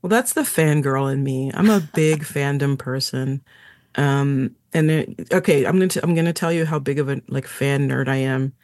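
A woman who is an author and musician, telling stories as an interview guest in an animated, chatty way with frequent laughter. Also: extremely low pitch, normal speed, no room sound, clean studio sound.

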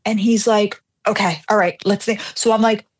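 Animated woman host telling a mishap. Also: medium pitch, moderate pace, slight background noise. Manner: animated, self-deprecating, acts out dialogue. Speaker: radio show host. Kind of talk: casual on-air storytelling.

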